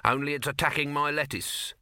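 A man's voice: fairly high pitch, steady tone, a little fast, sharp tone, clear, resonant tone, no echo, pitched above the performer's own voice. A man voicing a dry, sarcastic male diner. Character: sardonic male diner in a queue.

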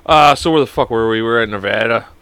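A man's voice: medium pitch, quick pace, fairly bright tone, clear, resonant tone, no echo. A young man in his twenties hosting a solo podcast, rambling and joking with constant swearing. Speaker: podcast host. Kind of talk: casual solo podcast chat.

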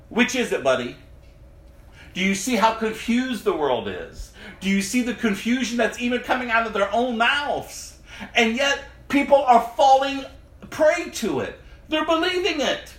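Impassioned male preacher, measured delivery, echoey room. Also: very high-pitched, bright, forceful tone. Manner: impassioned, laughing between lines. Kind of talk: sermon with scripture reading.

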